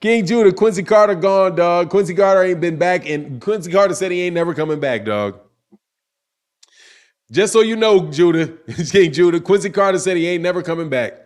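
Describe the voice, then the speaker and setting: A man with a high-sitting voice and moderate pace hosts a casual boxing livestream, reading super chats aloud. He's animated and slangy, repeats himself and laughs often.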